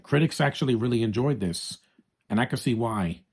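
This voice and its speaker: Male movie reviewer, medium pitch, casual and opinionated, addresses the audience directly. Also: expressive, normal speed, darkish tone, breathy edge. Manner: chatty, opinionated, frequent restarts, addresses viewers as guys.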